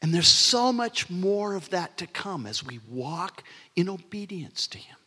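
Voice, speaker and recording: Older male pastor, fairly high husky voice, earnest sermon delivery with long hall reverb. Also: sing-song, a little slow, pushed and bright. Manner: earnest, swelling emphasis and dropping to near-whispers.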